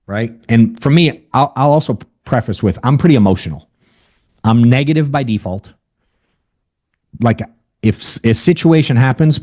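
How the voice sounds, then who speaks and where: A man giving a casual, energetic sales training over a video call. He talks bluntly and keeps asking "right?" and saying "dude.". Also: medium pitch. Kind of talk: casual motivational training talk.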